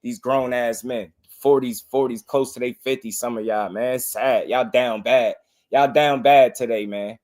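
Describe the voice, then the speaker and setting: A man's voice: mid-range voice, fairly even intonation, measured pace, darkish tone. A man hosting a boxing livestream, delivering a heated, impassioned rant to his viewers and hammering the same points again and again. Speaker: boxing channel host.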